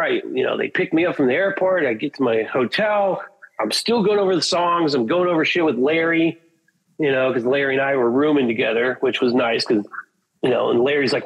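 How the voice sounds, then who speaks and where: The voice is gravelly and husky, medium in pitch, on a rough recording. It belongs to a Portland, Oregon metal singer guesting in a casual chat, where he tells profane, wandering anecdotes and acts out others' words.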